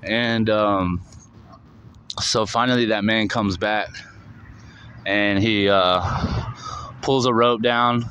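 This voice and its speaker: A man's voice: lowish voice, fairly even intonation, slow pace, long pauses, a bit bright, a little hiss or hum, low-quality recording. A man talking casually outdoors by a canal, rambling with lots of "like" and "man" and some swearing. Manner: loose, rambling talk full of "like" and "man", with swearing. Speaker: vlogger recounting his recovery. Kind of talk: casual spoken storytelling on location. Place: outdoors beside a canal near a street.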